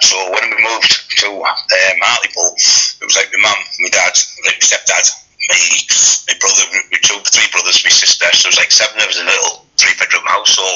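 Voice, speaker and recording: A man's voice: lowish voice, bright, forceful tone, breathy edge, dull audio. A man in his fifties from Scotland with a Teesside accent, telling his life story in an interview in a rambling way, with many restarts and working-class turns of phrase. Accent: Teesside English with a Scottish trace. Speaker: guest.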